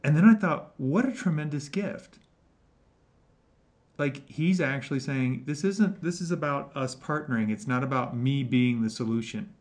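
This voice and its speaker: Brief: male podcast host, mid-pitched voice, casual and animated, laughs between thoughts. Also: moderate pace, hardly any pauses. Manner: animated, laughs often, puts on voices in quotes. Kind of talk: casual interview chat.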